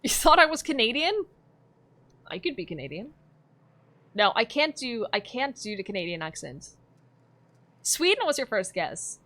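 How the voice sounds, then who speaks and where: Woman streamer, giggly, coos at her dog, bouncy high voice. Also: very animated, moderate pace, pauses often, pushed and bright. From Norway. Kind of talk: casual live game stream chat.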